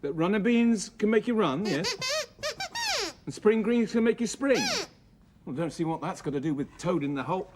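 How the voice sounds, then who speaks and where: A man's voice: high voice, huge pitch swings, normal speed, noisy background. Giggly man presenting a kids' show. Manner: giggly, playful, mock-exasperated. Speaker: children's TV presenter. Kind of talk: playful banter with puppets.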